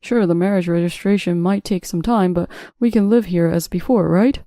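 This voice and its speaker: A woman reads out a weak young husband who shouts his protests and begs for forgiveness. The voice is dark and mellow, set in a dry room with no echo. It is a storybook reading of a family drama. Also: lowish voice, normal speed, natural voice. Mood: indignant. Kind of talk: audiobook narration.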